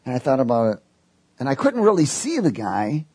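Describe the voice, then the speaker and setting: Guy preaching, kinda husky, dry close sound, tells a story and does the voices. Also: medium pitch, wildly swooping pitch, brisk, warm tone, no echo. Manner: storytelling, quoting voices in his tale. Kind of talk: sermon with personal story.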